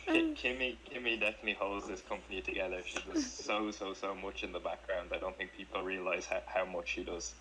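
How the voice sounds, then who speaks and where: A man's voice: low voice, very animated, a little fast, hardly any pauses, bright, forceful tone, slight background noise, low-quality recording. An Irish man in a casual live audio chat, friendly and restarting words often.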